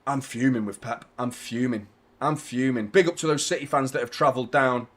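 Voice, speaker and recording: A man hosting a live football watchalong, talking casually to his audience, often swearing and getting loud and frustrated about the match. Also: mid-range voice, a little fast. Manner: ranting, swearing, frustrated, shouting when excited. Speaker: football channel host.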